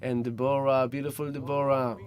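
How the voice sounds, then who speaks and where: A man hosting a spiritual live stream, greeting viewers one by one with effusive, gentle warmth. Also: medium pitch, level tone, smooth. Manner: warm effusive greetings, slow and soft-spoken. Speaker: spiritual livestream host.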